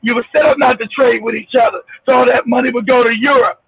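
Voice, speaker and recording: A man hosting a casual livestream from his car, ranting loudly and profanely, laughing and shouting as he tells a story. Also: very high voice, steady tone, quick pace, creaky, breathy edge, dry recording. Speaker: show host. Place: car, driving. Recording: tinny phone line with faint hiss.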